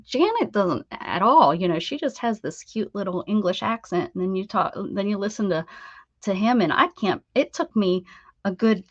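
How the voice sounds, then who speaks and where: On her craft livestream, a middle-aged American woman talks with viewers in a rambling, casual way, laughing and restarting often. Her mid-range voice has lively intonation at a moderate pace, heard through dull, dry lo-fi audio.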